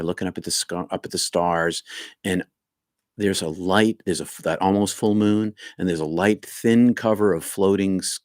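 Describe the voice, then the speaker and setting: A man with a deep, low voice talks in a casual, rambling way, pausing and restarting as he reflects on spiritual ideas. He sounds close and dry, with no room around him. He reads out viewer comments and answers them. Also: no echo. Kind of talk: casual live-stream talk.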